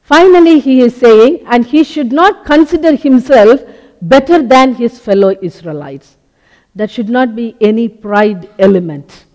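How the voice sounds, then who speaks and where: Slow high-voiced preacher in a hall. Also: male voice, expressive, a little mellow. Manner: slow, deliberate teaching with many short pauses. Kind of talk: sermon. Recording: long hall reverb.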